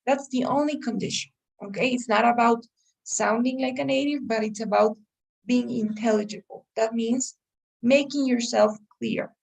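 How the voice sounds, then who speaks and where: A woman with a fairly high, creaky voice speaks at a normal speed. She teaches an English test-prep class, explaining things patiently and frequently checking in with her students. Her voice sounds a little distant from the microphone.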